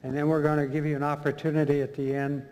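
A man introducing the next speaker at a church meeting, in a friendly, relaxed way. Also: on the high side, fast talker. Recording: reverberant church hall with crowd.

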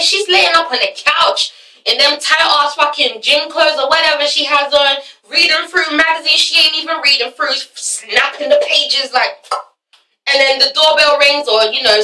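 A woman hosting a casual review vlog, swearing freely and acting out scenes. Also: high-pitched. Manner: swearing, animated, acts out scenes. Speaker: vlog host reviewing a reality show. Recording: roomy, mic at a distance.

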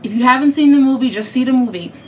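A woman giving a casual tarot reading, chatty and animated, speaking straight to her viewers and laughing often. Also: high-pitched, fast talker, a little hiss or hum. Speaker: tarot reader.

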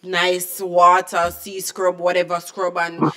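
A woman with a Jamaican accent and a bright, sharp tone, making her point in a soft, persuasive way during a casual debate. She lays out her reasoning step by step. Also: lowish voice, completely flat delivery, slow pace.

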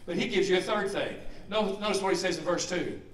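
A man preaching a sermon in a church, moving from low steady talk to loud joyful shouts. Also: fairly quick, roomy sound, far from the mic, slight background noise. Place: church hall.

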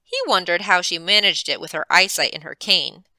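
A librarian reading a chapter aloud with expressive, animated narration, close to the mic. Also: female voice, on the low side, normal speed, dry recording. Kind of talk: storybook read-aloud.

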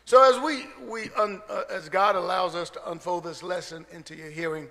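Deliberate male elder delivering a sermon, slightly high voice, reverberant hall. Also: fairly even intonation, creaky, pushed and bright. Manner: slow, deliberate, quoting scripture. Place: church. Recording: long church hall reverb.

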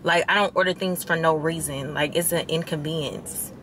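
Here the lifestyle vlogger speaks in a low voice at normal speed, with a little hiss or hum on the recording. The young woman chats and vents expressively to camera, calling her viewers y'all.

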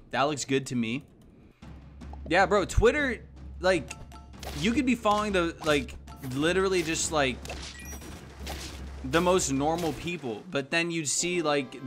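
Young male streamer, higher-leaning voice, loose profane rambling, jumps from mutters to excited yelps. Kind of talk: casual gaming stream chat.

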